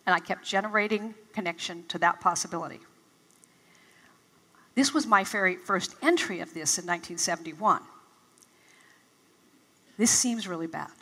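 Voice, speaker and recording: A woman's voice: lowish voice, moderate pace, pauses often, pushed and bright, husky. An older woman giving a motivational talk to a live audience, telling stories and acting out her own past reactions with animation. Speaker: motivational speaker. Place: large event hall. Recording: reverberant hall.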